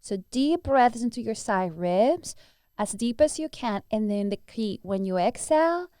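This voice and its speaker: A woman's voice: fairly high pitch, animated, a little slow, dark tone, clean tone, no room sound, clean studio sound. A woman who teaches breathwork, answering interview questions earnestly and demonstrating breathing sounds as she explains.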